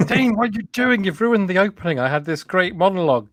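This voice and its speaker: A man's voice: sits high, animated, no room sound. A British man co-hosting a casual video-call chat show, teasing and bantering. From Britain. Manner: jokey, teasing, quick banter. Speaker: podcast co-host.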